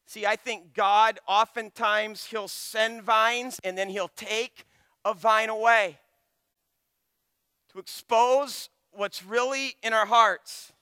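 A man preaching a sermon, swinging from loud, impassioned pleading to quiet, hushed asides. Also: sits high, steady tone, takes it slowly, clear, resonant tone, dry recording, clean studio sound.

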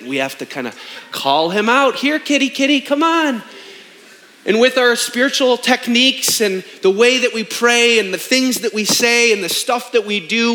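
A man's voice: high-pitched, bright, forceful tone. A man in his thirties, a pastor preaching a sermon in an emphatic, conversational way with rhetorical questions.

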